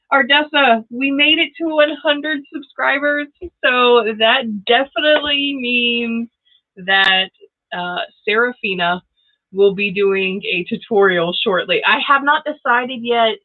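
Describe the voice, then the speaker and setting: Brief: grandmother-aged woman, livestream host, chatty, laughs a lot, tinny phone-like audio. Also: mid-range voice. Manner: chatty, laughs often, reads out viewer comments. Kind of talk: casual livestream chat. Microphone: new plug-in microphone.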